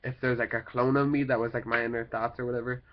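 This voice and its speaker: A man's voice: mid-range voice, little pitch movement, quick pace. A young man talking about his life in a casual vlog while sick with a cold, rambling with lots of "like" and "kinda thing" fillers. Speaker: vlogger. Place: at home. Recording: dull lo-fi home recording.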